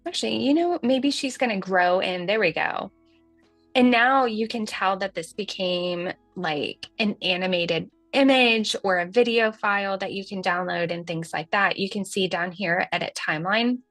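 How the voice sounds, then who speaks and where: A woman's voice: mid-range voice, moderate pace, a bit bright, dry recording, faint music behind. Chatty woman with a light Southern accent. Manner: chatty and folksy, says y'all, laughs at herself. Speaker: livestream host demonstrating software. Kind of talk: casual on-screen tutorial.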